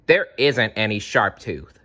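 A man voicing a kind young boy dinosaur in a storybook read-aloud, with an earnest, gentle manner. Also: lowish voice, sing-song, measured pace, heavily acted. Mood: reassuring.

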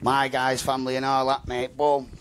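A man speaking as an interview guest, his pitch sitting in the middle range. He rambles through his story in casual street slang, circling back on his own phrases. His delivery is loose and conversational. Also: completely flat delivery, moderate pace, a bit bright, slight background noise. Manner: rambling, slangy, repeats "mate" and "do you know what I mean".

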